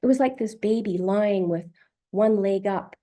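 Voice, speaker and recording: A woman's voice: mid-range voice, mellow, close to an everyday voice. A woman voicing a stammering, shaken therapy client. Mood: wondering. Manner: halting, emotional, stammering. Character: adult woman client reliving infant distress.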